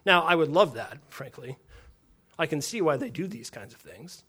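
Guy with a high bright voice teaching church history, animated, acts stuff out. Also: normal speed, slightly rough. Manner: animated, acts out quotes with chuckles. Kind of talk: lively teaching lecture.

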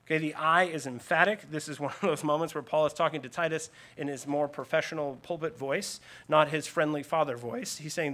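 A man's voice: a little high, brisk, hardly any pauses, pushed and bright. A man preaching a teaching sermon in a slightly raised voice. He explains scripture earnestly, leaning into emphatic lists. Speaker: pastor.

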